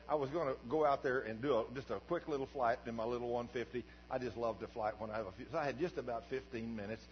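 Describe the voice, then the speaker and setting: An older man preaching as a pastor, telling a story in a folksy, animated way that swings from quiet asides to shouts. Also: mid-range voice, fast, few pauses. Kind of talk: sermon storytelling. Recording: dull recording with long hall reverb and mains hum.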